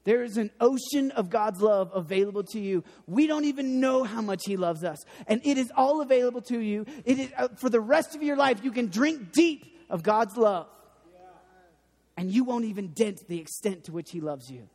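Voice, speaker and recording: A young man preaching a sermon, telling lively stories with a self-deprecating humor. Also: high voice, normal speed. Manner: animated storytelling, self-deprecating. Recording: long hall reverb.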